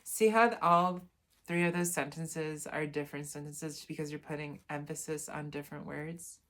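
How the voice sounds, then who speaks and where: A woman's voice: sits low, steady tone, moderate pace, a bit bright. A woman reading from a self-help book in a casual lesson, adding chatty asides and correcting herself as she goes. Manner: reads aloud, then adds chatty asides and self-corrections.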